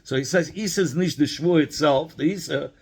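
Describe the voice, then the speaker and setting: A man's voice: fairly high pitch, fairly quick, a little mellow, husky. A man teaching a Talmud study lesson, explaining by repeating phrases and asking questions, mixing in Hebrew and Yiddish terms.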